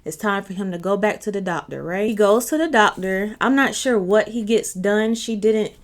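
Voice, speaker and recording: A woman's voice: medium pitch, moderate pace. A woman hosting her own channel, telling a story in a chatty, casual way and often checking in with her listener. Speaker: channel host.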